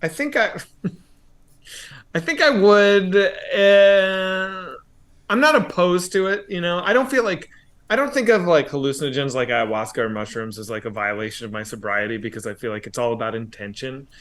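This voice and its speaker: A man co-hosting a livestream, talking casually and earnestly, thinking aloud with many pauses. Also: a little high, fairly bright tone. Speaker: comedy troupe member co-hosting a stream. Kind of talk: casual chat.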